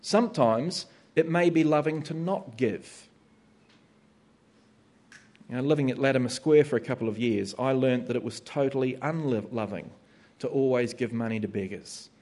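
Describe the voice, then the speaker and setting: A man's voice: medium pitch, moderate pace, darkish tone. A male preacher delivers a sermon. He talks in a conversational way and slips into the voices of his listeners to make a point.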